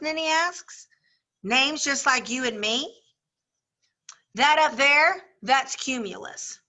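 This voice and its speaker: Woman teacher reading a book to the class, unhurried, bright kinda high voice, does the kids' voices. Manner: reads with lively character voices, then talks it over plainly. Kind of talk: reading a novel aloud to a class, then explaining.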